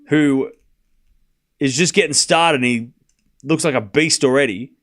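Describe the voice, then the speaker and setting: A man on a tennis stream whose voice sits a bit high, calling points as they happen. He trades sarcastic jabs with his viewers in loose, unscripted chat. He switches between quick score updates and long rants. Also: expressive, a bit bright. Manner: sarcastic, argues back at chat. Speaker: tennis watchalong streamer and host. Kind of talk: live commentary and casual chat with viewers.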